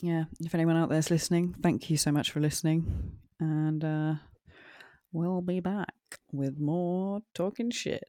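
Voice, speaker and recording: Low, relaxed British woman. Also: a little slow, no room sound, clean studio sound. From United Kingdom. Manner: laid-back, brief replies and chuckles. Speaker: podcast co-host. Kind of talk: casual chat.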